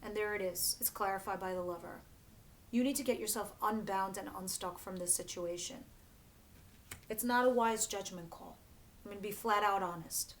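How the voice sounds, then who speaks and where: A woman's voice: mid-range voice, moderate pace, slight background noise. A woman doing a casual tarot reading for her channel, chatty and blunt, often restarting her phrases. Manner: chatty and blunt, with filler words and self-corrections. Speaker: tarot reader.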